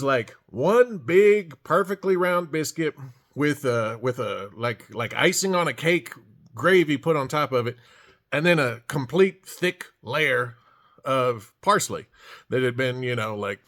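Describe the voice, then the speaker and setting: A man tells a casual, rambling story, repeating words and circling back as he goes. His voice sits a bit higher than most men's. The delivery is loose and folksy. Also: a bit bright. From Alabama. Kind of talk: casual anecdote told to camera.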